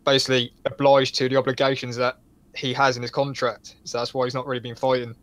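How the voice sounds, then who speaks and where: Southern English man, fast talker, dry close sound, caller, matter-of-fact. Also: medium pitch, flat delivery, a bit bright, no echo. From England. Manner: brisk, knowledgeable, matter-of-fact. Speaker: caller on the panel. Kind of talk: casual podcast chat.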